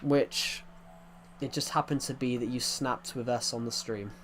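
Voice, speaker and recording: A man's voice: medium pitch, fairly even intonation, measured pace, fairly bright tone, slight background noise. A young man from England with an English accent, chatting casually while live-streaming a game, rambling, repeating himself and restarting his sentences.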